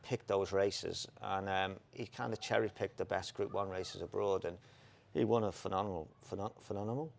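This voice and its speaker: Ex-jockey co-host, low gravelly voice, spins animated stories from the road. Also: male voice, normal speed. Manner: animated anecdotes, laughs, quotes people in put-on voices. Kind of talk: casual storytelling chat.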